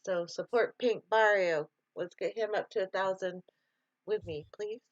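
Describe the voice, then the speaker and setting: A woman's voice: mid-range voice, moderate pace, dry recording, highs cut off. A woman hosting a casual live stream, chatting loosely, laughing often and answering viewer comments.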